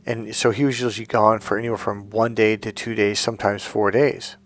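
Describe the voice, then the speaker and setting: A man's voice: lowish voice, little pitch movement, fairly quick, no room sound. Blunt, profane middle-aged man. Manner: blunt, profane, emphatic, tells anecdotes with quoted voices. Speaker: dating coach. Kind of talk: casual monologue.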